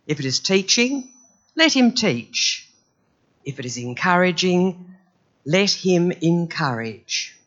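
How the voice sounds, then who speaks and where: Croaky-voiced man reading scripture. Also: sits high, sing-song, fairly bright tone, muffled recording. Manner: measured, earnest reading aloud. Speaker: scripture reader. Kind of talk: church Bible reading.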